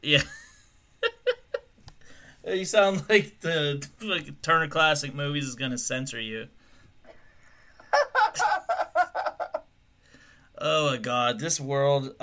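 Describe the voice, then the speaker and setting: A man hosting a podcast with a bright, sharp voice that jumps all over in pitch. He trades crude, profane jokes in casual chat and laughs often. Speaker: podcast host.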